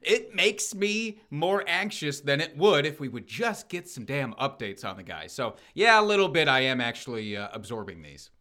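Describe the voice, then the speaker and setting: Lively, animated man co-host. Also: mid-range voice, moderate pace, hardly any pauses. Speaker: podcast co-host. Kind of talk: casual sports chat.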